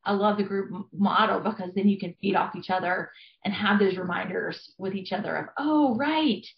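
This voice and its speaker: A woman's voice: mid-range voice, flat delivery, fairly quick, vocal fry. A woman in her thirties, a family therapist, explaining things earnestly in a conversational interview with frequent fillers. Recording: echoey, dull lo-fi sound.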